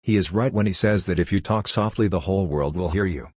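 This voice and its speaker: A man reading the part of a kindly, fatherly condemned shoemaker who speaks gently. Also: low voice, fast talker, slightly rough, no echo, clean studio sound. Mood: gentle.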